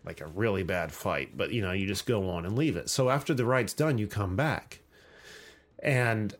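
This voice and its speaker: A man's voice: on the low side, normal speed. A man hosting a podcast, telling a story in casual chat, swearing and laughing as he goes. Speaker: podcast host.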